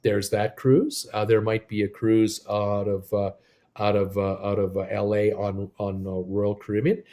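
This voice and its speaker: A man's voice: lowish voice, level tone, unhurried, dark tone. A man hosting a casual live stream from home, reading viewer comments in an upbeat, rambling, jokey way. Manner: rambling, upbeat, jokey, talks to his wife off-mic. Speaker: host of a live cruise news stream. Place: home in Creston.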